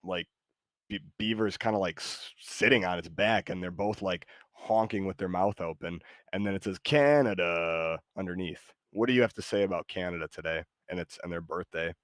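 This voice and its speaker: Low-voiced rambling American streamer man. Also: steady tone, a little fast, fairly bright tone, no echo, clean studio sound. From United States. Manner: hesitant, rambling, reads chat aloud. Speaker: streamer host. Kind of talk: casual live-stream chat.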